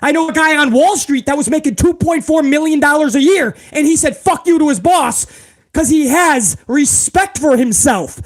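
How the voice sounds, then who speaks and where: Male host with a high voice, profane and ranting, often shouting. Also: moderate pace. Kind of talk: profane live-stream rant.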